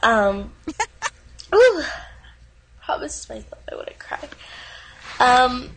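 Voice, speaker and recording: A high-voiced, slow-talking young woman who can't get through a sentence without welling up over cats, played by an actress. She stalls on ums and breaks into tearful gushing in a comedic online video. Faint noise sits behind her. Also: fairly bright tone, low-quality recording. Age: young adult. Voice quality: weepy, halting, many ums. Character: overemotional cat-obsessed young woman on a dating video.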